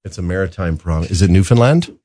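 A man's voice: deep voice, lively intonation, mellow, dry recording, clean studio sound. A man from Canada, a radio co-host, answering quiz questions and cracking jokes in a casual chat. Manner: joking, quick with wisecracks.

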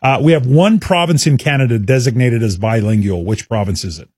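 A man's voice: mid-range voice, a little fast, slightly rough, no echo, studio quality. A man hosting a casual chat, quizzing his guest and laughing along. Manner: lively, laughing quizmaster. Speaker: host.

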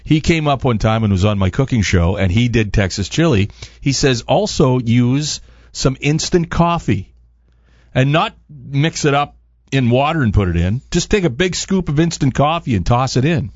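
A man's voice: mid-range voice, expressive, normal speed, dry recording, lo-fi sound. A man chatting casually through a cooking segment as a radio host and chef, rambling with plenty of fillers. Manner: rambling, easygoing, lots of fillers.

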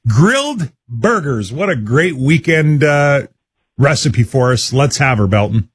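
A man's voice: mid-range voice, measured pace, husky, no room sound, studio quality. A man hosting a radio talk show, steering the conversation in a friendly way. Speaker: radio host.

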